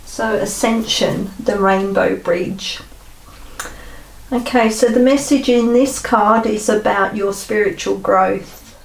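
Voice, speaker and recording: Woman card reader, slow and gentle oracle reading, roomy sound, mic set back from her. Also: medium pitch, gravelly, recorded from a distance. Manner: slow, gentle, pausing with fillers.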